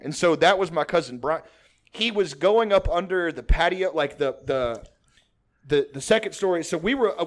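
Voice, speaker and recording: Man from Texas, podcast host, high voice, casual storytelling, rambling, profane, laughs a lot. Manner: rambling, profane, laughs often, many restarts.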